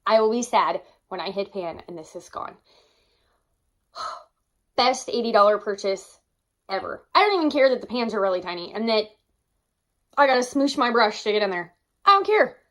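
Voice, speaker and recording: A young woman with a medium-pitched, slightly bright voice is making a casual beauty vlog. She gushes enthusiastically about her favorite makeup products and exclaims often.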